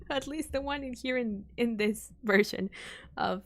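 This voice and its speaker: A young woman streaming a casual reaction chat, rambling with many fillers and soft sighs. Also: a little high, a little slow.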